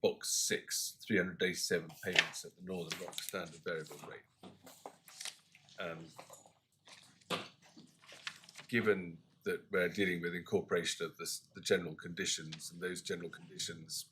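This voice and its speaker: A man sitting as an appeal court judge in a courtroom, putting measured, clarifying questions to counsel. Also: low voice, flat delivery, background noise.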